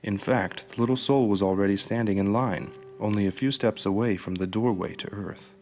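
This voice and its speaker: A man narrating a children's storybook in a calm, steady storytelling manner. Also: sits low, normal speed, hardly any pauses. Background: faint guitar music.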